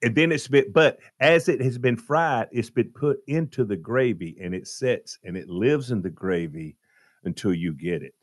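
A man's voice: medium pitch, expressive, moderate pace, no echo, studio quality. A man telling a comic story on a radio show, dramatic and exasperated as he relives it. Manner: dramatic, jumps into loud exasperated retellings.

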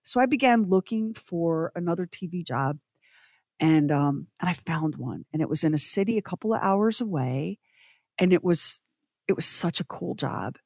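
A woman's voice: fairly low pitch, lively intonation, normal speed, a little mellow, no echo, studio quality. Earnest middle-aged female podcast co-host. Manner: earnest and emphatic, talks through her feelings. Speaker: co-host, former TV writer producer. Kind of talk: casual reflective chat.

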